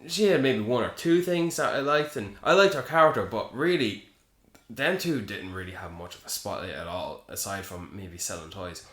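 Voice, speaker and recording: A man co-hosting a casual film review podcast, rambling with animated jumps in pitch and plenty of restarts. His voice sits a little low. The room adds a noticeable echo. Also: moderate pace. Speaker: podcast co-host. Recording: roomy echo.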